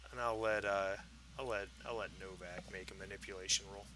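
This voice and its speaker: Male game master, bright tone, halting narration for a tabletop game. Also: fairly low pitch, steady tone, slight background noise, rough recording. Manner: halting, many fillers and restarts.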